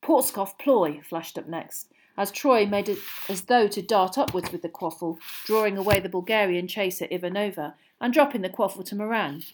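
A woman's voice: mid-range voice, a little fast, few pauses, slight background noise. Woman narrating a storybook. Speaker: audiobook reader.

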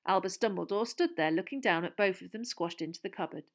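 Woman audiobook narrator, steady storytelling. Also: medium pitch, fast talker.

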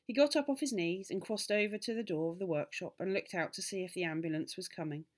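A woman reading a children's story aloud with expressive, lively storytelling. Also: on the low side, fast. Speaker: narrator.

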